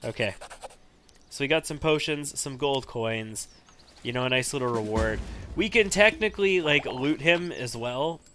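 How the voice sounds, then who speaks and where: A man's voice: mid-range voice, unhurried, fairly bright tone, a little hiss or hum. A man giving casual commentary while he plays a role-playing video game, chatty and thinking aloud. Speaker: let's-play host.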